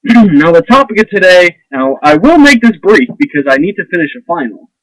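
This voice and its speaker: A man's voice: high-pitched, big pitch swings, fairly quick, fairly bright tone, no room sound, rough recording. A young man ranting to camera in a blunt, sarcastic, profane and rambling way. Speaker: vlogger. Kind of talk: casual ranting monologue.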